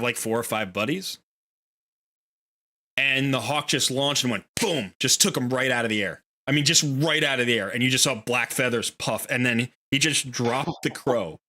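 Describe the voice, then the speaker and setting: A man hosts a relaxed game livestream from his home, talking to chat in a loose, rambling way. His voice sounds bright and forward at an ordinary middle pitch. He drifts into storytelling and drops in playful little voices for the animals. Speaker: game streamer. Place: home room near a window.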